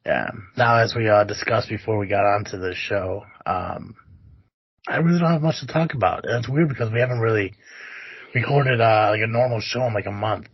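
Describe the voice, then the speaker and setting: A man's voice: on the low side, brisk, husky, no room sound. A man co-hosting a podcast in loose, rambling casual chat, swearing freely and filling gaps with "uh". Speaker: podcast co-host. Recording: dull muffled podcast audio.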